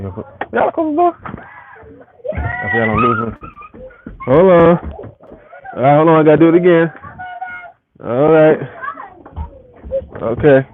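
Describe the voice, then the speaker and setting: A rambling, profane man on a tinny phone. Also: medium pitch. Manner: rambling, profane, talks straight to viewers. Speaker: live-stream host. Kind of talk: profane live-stream rant. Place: at home. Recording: tinny phone audio with faint hiss.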